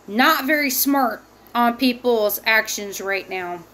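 A woman's voice: fairly high pitch, slow, sharp tone, faint music behind. A woman giving a tarot reading, heated and emphatic and swearing freely. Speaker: tarot reader. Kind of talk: spiritual tarot reading monologue.

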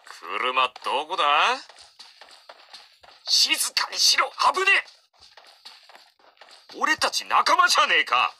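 A scrappy young soldier barks callouts to his squad in a video game. His voice sits high and cutting, swinging wildly up and down. He speaks in gruff slang and trips over his words in a panic. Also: wildly swooping pitch, moderate pace, pauses often, pushed and bright, heavily acted. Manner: gruff slangy street talk, stammers when panicking. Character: rough young male soldier teammate in a shooter game. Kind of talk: game voice lines.

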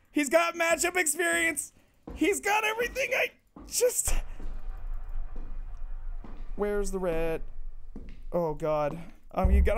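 A woman streaming a horror game, commenting nonstop in a panicky, swearing way that swings from low mutters to sudden screams. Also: slight background noise.

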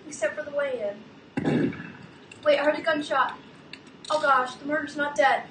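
Woman, YouTuber, gameplay commentary, excitable, dramatic groans, echoey room, faint hiss. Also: high voice, moderate pace, long pauses. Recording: roomy, distant mic.

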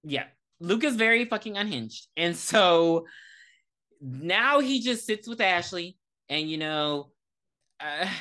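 Animated lively woman reviewing a movie. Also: lowish voice. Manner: animated, profane storytelling with dramatic quoted lines. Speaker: podcast co-host. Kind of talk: casual movie review chat.

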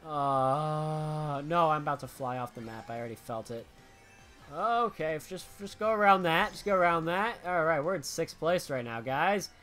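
A young man streaming a racing game live, muttering his moves and then yelling and swearing when he gets hit. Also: a little high, normal speed, faint music behind. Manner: swings from muttering to shouting outbursts, swears a lot. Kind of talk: live gameplay commentary.

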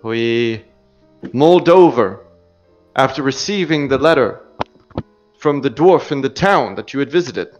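A man voicing a sly, smooth male clan noble relaxing in a spa, speaking softly and courteously over faint music. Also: medium pitch, expressive, unhurried, long pauses, dull audio, lightly acted.

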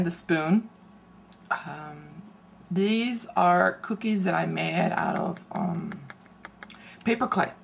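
A woman casually showing her handmade craft album, chatty and meandering, often pausing mid-sentence to search for words. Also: lowish voice, vocal fry, slight background noise. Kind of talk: casual show-and-tell craft video.

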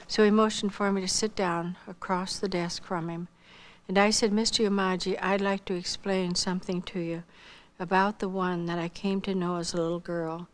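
A woman's voice: on the low side, level tone, moderate pace. A woman giving a spoken missionary testimony, telling her story earnestly and quoting the dialogue.

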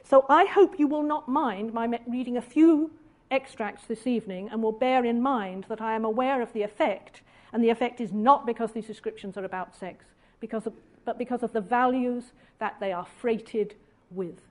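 A woman giving a public lecture, speaking in a measured, deliberate way with hesitant pauses and dry asides. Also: a little high, darkish tone. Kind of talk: public lecture with read-out quotations.

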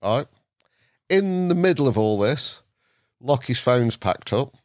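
A man from England telling a story as a podcast guest. He is lively and acts out the other people in the story with short put-on voices. He is recorded on a dry close mic with no room sound. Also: medium pitch, slow, no echo. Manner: lively, acts out voices in his stories, laughs often. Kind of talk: anecdotal storytelling.

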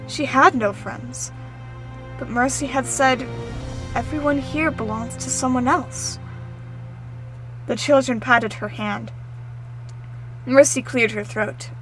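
A woman narrates a storybook tale in a calm, measured way. Her voice sits high for a woman. Faint music plays underneath. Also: poor audio.

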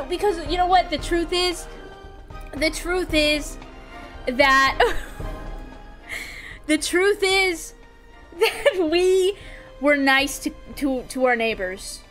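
Woman game streamer, very high voice, unhurried delivery, expressive and talks to chat, faint music behind. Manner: excitable and expressive, talking straight to chat. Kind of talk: live gameplay commentary.

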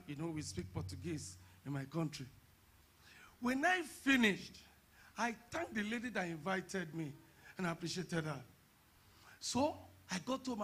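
A man pastor preaching a sermon at a church conference, telling stories and breaking into shouted emphasis. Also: high-pitched, slightly rough. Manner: storytelling preacher who bursts into shouted emphasis.

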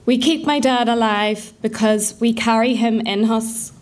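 A woman's voice: on the high side, darkish tone. Earnest Northern Irish woman reading a tribute. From Northern Ireland. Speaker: speaker remembering her father.

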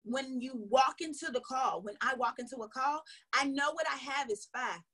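A woman sales coach giving an energetic, emphatic motivational training talk. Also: sits high, moderate pace, breathy edge. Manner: energetic, emphatic, acts out little dialogues.

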